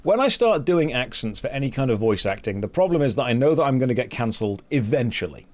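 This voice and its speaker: This streamer from Britain speaks quickly in a sing-song, mid-range voice with a little mellowness. As he games, he chats casually and wanders through anecdotes, his British English carrying a wry sense of humour.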